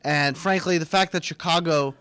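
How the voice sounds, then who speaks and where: A young man with a fairly high voice hosts a loose live show from a small studio. He jokes in a mock-pompous tone. The sound is dry and close. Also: a bit bright, smooth, no echo. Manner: joking, mock-pompous, quick asides. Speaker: host of a student TV segment. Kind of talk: casual live-stream banter.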